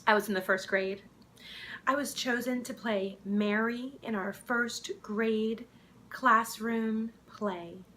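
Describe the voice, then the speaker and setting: A woman telling the story of how she became an actress in an improv comedy mockumentary, wistful and dramatic with soft, hushed asides. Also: on the high side, steady tone, slow pace, a little hiss or hum.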